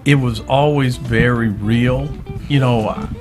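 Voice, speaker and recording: Animated storytelling man in his fifties. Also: medium pitch, unhurried, music in the background. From Southern California, USA. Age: 50s. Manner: animated storyteller, acts out quoted voices. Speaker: interview guest, actor. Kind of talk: casual interview talk.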